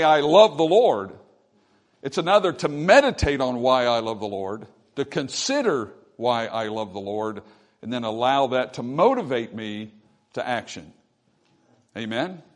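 A man preaching a sermon, reading scripture and asking the congregation "Amen?" as he goes. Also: a little high. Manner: emphatic preaching with call-and-response "Amen?"; swings between loud emphatic quotes and quieter asides. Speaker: pastor.

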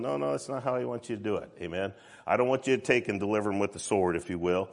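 A man preaching a sermon in a church, often asking "amen?" and climbing to loud, fervent peaks. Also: medium pitch, lively intonation, quick pace, creaky.

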